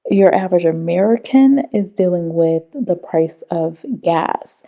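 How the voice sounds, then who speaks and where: A woman hosting a commentary video, talking through clips in a measured, reasoning way with some hesitations. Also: fairly low pitch, lively intonation, dark tone. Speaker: commentary host. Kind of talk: casual commentary.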